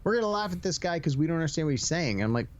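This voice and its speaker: A man's voice: fairly high pitch, sing-song, racing. A man co-hosting a movie review podcast, talking in a hesitant, skeptical way with many restarts. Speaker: podcast co-host. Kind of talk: casual movie review chat. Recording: dull lo-fi sound.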